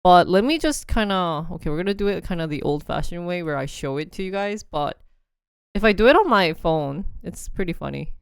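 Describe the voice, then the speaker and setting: A woman's voice: on the low side, expressive, a little fast, creaky, clear, resonant tone, no echo, clean studio sound. A young woman hosting a casual livestream, chatting in a rambling way, laughing often and reading short passages aloud. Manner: reads sample passages aloud to a phone app. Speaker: livestream host.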